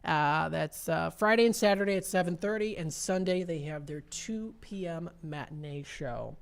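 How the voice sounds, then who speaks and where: A woman's voice: low-pitched, moderate pace, gravelly. A woman with a Midwestern American accent hosting a radio shopping show, reading menu items and deals aloud with lots of fillers in a casual way. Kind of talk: casual radio sales chat.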